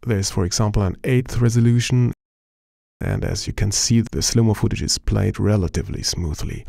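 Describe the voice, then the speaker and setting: A man with a German accent presenting a software tutorial in a steady, explanatory way, narrating over a screen recording. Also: lowish voice, moderate pace, gravelly, dry recording, studio quality.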